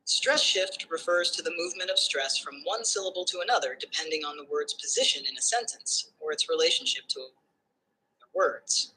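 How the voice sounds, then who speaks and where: A synthetic assistant voice explaining phonetics like a patient tutor. The tone is bright and forward, with an airy, breathy edge. It lays out each point in calm, orderly steps and ends by checking for understanding. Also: medium pitch, moderate pace, low-quality recording. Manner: calm, structured explanations ending with a comprehension check.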